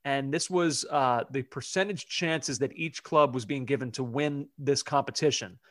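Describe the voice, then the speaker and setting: A man's voice: medium pitch, moderate pace, a bit bright, no room sound, studio quality. Man hosting a football podcast. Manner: conversational, leads the segment. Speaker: podcast host. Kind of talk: casual chat, sports discussion.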